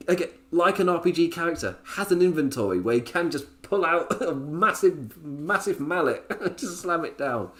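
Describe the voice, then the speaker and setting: A man hosting a casual wrestling review podcast, chatty and self-amused, laughing often between points. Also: on the high side. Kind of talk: casual solo show review.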